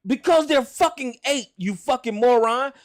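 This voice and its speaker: A profane, insistent man argues on a call-in show. His voice sits high and swings widely. He keeps repeating his point. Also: animated, moderate pace, dry recording, studio quality. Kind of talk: heated call-in argument.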